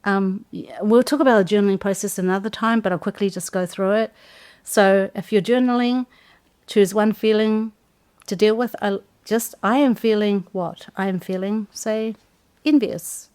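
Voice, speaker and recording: A woman's voice: mid-range voice, normal speed, clear, resonant tone. A woman, a Christian life coach, giving a teaching talk and acting out example phrases as she goes. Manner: acts out example phrases, animated.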